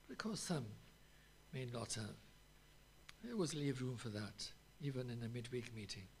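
A man preaching an earnest, emphatic sermon in a church, pausing often and stressing his points. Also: mid-range voice, gravelly, a little hiss or hum.

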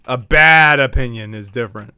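A man's voice: medium pitch, normal speed, sharp tone, smooth, no echo, studio quality. A man streaming a game, talking to his chat in a brash, teasing and profane way. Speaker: gaming streamer. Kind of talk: casual live-stream chat.

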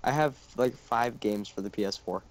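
A man's voice: mid-range voice, normal speed, slight background noise. A man chatting casually with friends on a gameplay livestream, rambling and teasing.

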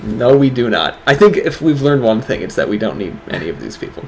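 A man's voice: medium pitch, very animated, a little fast, creaky, darkish tone, a little hiss or hum, poor audio. A man co-hosting an online awards show in casual chat, joking and teasing his co-host.

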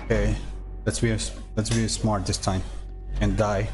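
A man's voice: on the low side, little pitch movement, normal speed, soft background music. Jumpy man streaming a horror game. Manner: jumpy, nervous, talks to game creatures. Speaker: gameplay streamer. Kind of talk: let's play commentary.

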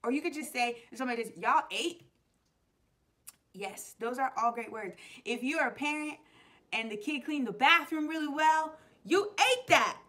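A woman's voice: high voice, normal speed, fairly bright tone. A young adult woman teacher hosting a playful web show, explaining slang in a chatty way and laughing often.

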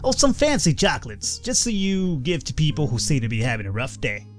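A gamer puts on a drawling southern survivor, folksy and homespun. The voice climbs above his usual pitch and swings up and down as he stretches out the words. Faint guitar music plays behind him. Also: wildly swooping pitch, fairly quick. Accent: put-on American Southern. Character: folksy southern male survivor, wants comforts.

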